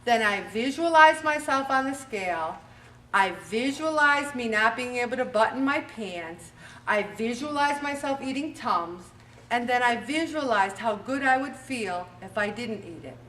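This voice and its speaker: Bright, animated woman host. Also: a little high, a little slow, recorded from a distance. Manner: animated, acts out little scenes. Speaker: weight-loss show host. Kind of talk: motivational talk to a group.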